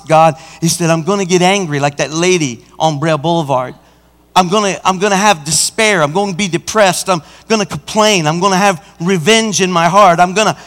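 A man, a senior pastor, preaching a sermon with emphatic delivery that rises toward near-shouts, recorded in a reverberant church hall. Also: high voice.

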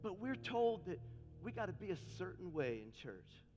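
Fired-up pastor guy preaching, pretty high voice, soft music under it. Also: big pitch swings, moderate pace, lo-fi sound. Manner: impassioned, building to fiery calls. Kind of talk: sermon. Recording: long reverb with faint music.

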